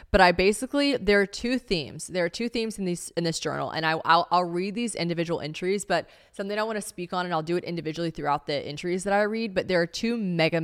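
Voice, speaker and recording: A woman's voice: deep voice, a bit bright. A woman in her late twenties hosting a casual solo podcast, chatty and self-mocking, swearing freely as she talks. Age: late 20s. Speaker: podcast host.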